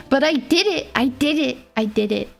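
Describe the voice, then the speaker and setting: This young woman VTuber has a voice that sits high, with vocal fry. She tells her live chat a rambling, casual story, frequently giggling and laughing between phrases as she makes playful, self-deprecating jokes.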